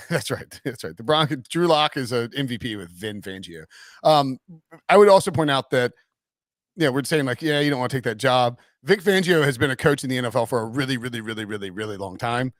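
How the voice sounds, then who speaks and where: A man hosting a casual sports podcast, chatty and quick to laugh as he talks. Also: mid-range voice, expressive, dry recording, studio quality. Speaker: podcast host.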